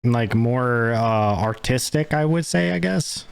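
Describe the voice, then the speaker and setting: A man co-hosting a podcast in casual chat, laid-back and swearing freely, with a lower smooth tone. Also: expressive, slow pace. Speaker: podcast co-host.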